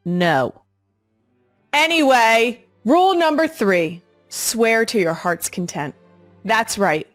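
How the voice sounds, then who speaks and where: Here a thirties-aged woman runs her own podcast, chatting casually with a sassy, blunt edge and plenty of profanity. She speaks slowly in a fairly high pitch with lively intonation. The studio-quality recording has no echo and soft background music.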